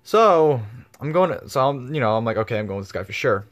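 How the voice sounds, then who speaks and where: A man's voice: mid-range voice, expressive, quick pace. A man telling a story in a casual vlog, rambling with lots of fillers and swearing freely. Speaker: vlogger.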